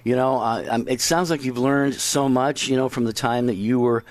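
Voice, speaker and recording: A man's voice: medium pitch, steady tone, moderate pace, no echo. A man hosting a radio talk show, reflecting back and affirming his caller's story. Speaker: radio host. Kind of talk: interview conversation.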